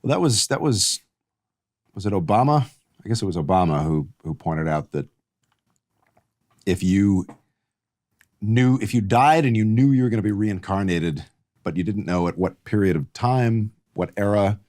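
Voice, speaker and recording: A man as a guest in a casual chat over drinks, talking in an animated, joking, emphatic way. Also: lowish voice, moderate pace, pauses often. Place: studio set. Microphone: lapel mic.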